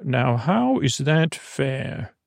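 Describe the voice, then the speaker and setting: A man voicing a tall, dignified male centaur who speaks slowly and formally in a sleepy improvised bedtime comedy story. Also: medium pitch, sing-song, vocal fry, no echo, studio quality, exaggerated voice. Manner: slow, formal, indignant.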